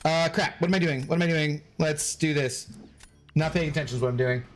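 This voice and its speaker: A man's voice: fairly high pitch, a little fast, faint music behind. A man chatting casually on a gaming livestream, laughing often, swearing loosely and thanking viewers by name. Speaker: streamer.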